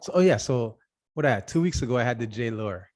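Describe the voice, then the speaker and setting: A man's voice: mid-range voice, expressive, fast talker, darkish tone. A man co-hosting a podcast, telling an easygoing story while stumbling over words. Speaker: podcast co-host. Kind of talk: casual chat.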